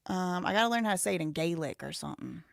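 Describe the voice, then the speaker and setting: Lower-pitched woman chatting on a livestream. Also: animated, quick pace, gravelly, no room sound, studio quality. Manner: rambling, heavy on "like" fillers, thinks aloud. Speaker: livestream host. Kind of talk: casual live-stream chat.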